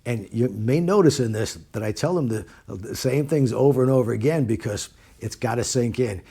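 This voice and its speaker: A man's voice: medium pitch, moderate pace, creaky, warm tone, husky. A middle-aged man, a motorcycle riding instructor, talking casually to the camera in a plain-spoken way and repeating his points for emphasis.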